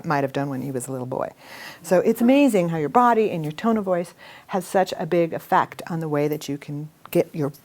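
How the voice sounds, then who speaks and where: A middle-aged woman runs an interactive workshop. Her voice sits a little low, and she speaks expressively, with easy laughter between points. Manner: expressive, animated, talks with laughs. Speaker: workshop trainer.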